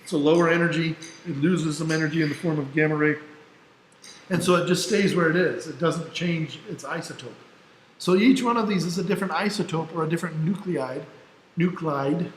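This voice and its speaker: Male teacher, slightly high voice, casual classroom lecture, step-by-step explaining, echoey room. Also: fairly even intonation, fairly quick. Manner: explains step by step, checks in with "right?"; casual, self-deprecating asides. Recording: echoey room, faint background noise.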